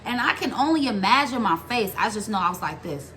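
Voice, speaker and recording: A young woman telling a story about her own past in a casual vlog, animated and profane, acting out other people's lines. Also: mid-range voice, fairly quick, slight background noise.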